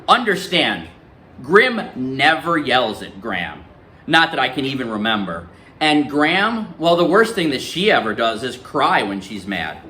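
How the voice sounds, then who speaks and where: A man's voice: medium pitch, a little hiss or hum. A male teacher reading a novel aloud in a classroom and quizzing his students. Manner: lively, questioning students.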